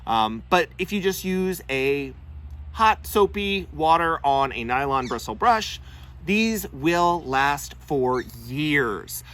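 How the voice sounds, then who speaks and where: A man's voice: on the high side, lively intonation, slow pace, fairly bright tone. A young man hosting an instructional vlog on parrot keeping, explaining earnestly with frequent "uh" fillers. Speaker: bird-keeping video host.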